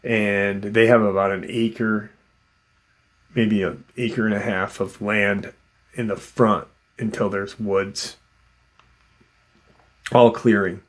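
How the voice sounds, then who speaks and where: Slow and pausing often, this man's low, even voice rambles through a host's retelling of a witness's encounter. He tells it casually, with lots of fillers and false starts.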